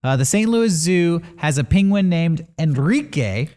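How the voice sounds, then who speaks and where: A man's voice: a little high, animated, unhurried, a little mellow. A man in his thirties co-hosting a podcast, chatting casually about news stories in an opinionated, rambling way. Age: 30s. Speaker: podcast co-host.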